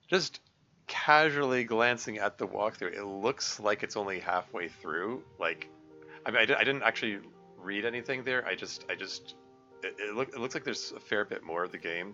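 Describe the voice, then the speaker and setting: A male streamer gives rambling let's-play commentary with a lively, gravelly voice. He often hesitates and restarts as he thinks aloud. His voice is slightly dull in the recording, with faint game music behind. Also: fairly low pitch, normal speed.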